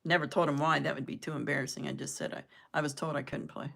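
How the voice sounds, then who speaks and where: Older woman, low pitch, rambling casual live-chat host who laughs at her own jokes. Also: flat delivery, quick pace, vocal fry, fairly bright tone. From southern United States. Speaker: live-stream host chatting with viewers.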